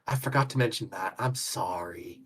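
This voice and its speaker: A man's voice: lowish voice, normal speed, a bit bright, slightly rough. A man streaming, chatting casually with dry jokes and explaining things. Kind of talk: casual chat during a game voice-over.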